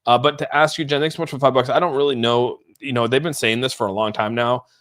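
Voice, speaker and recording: A man's voice: mid-range voice, fairly even intonation, quick pace, fairly bright tone. Rambling young man on a crypto livestream. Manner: rambling, laughs often, thinks aloud while watching price charts. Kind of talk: casual livestream chat reading viewer comments.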